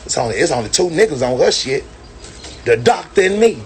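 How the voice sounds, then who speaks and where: A man's voice: fairly high pitch, very animated, fairly quick, slight background noise. Brash swaggering man ranting on a phone. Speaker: livestreamer. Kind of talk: boastful profane rant. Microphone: phone on a livestream.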